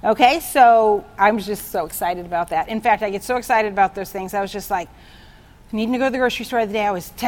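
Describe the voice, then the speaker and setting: A woman teaching from the Bible in an informal, excitable way, telling personal stories and often checking in with "okay?". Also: mid-range voice. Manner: excitable, chatty, keeps asking "okay?"; tells personal stories to make a point.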